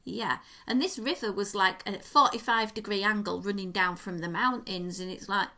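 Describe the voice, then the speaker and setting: A woman co-hosting a podcast, telling a story in a lively, expressive way. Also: mid-range voice, moderate pace. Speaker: podcast co-host. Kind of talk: casual chat.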